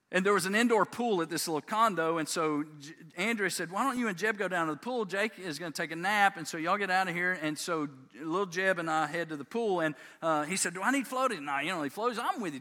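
A man, preaching a sermon through folksy family stories and acting out his sons' voices. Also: mid-range voice. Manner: folksy, animated, acts out voices of his sons. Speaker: pastor. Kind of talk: sermon storytelling.

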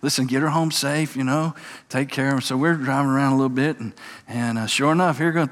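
A man preaching a sermon, animated and folksy, repeating words as he tells a story. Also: mid-range voice, brisk. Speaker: pastor. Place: church sanctuary. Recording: long hall reverb.

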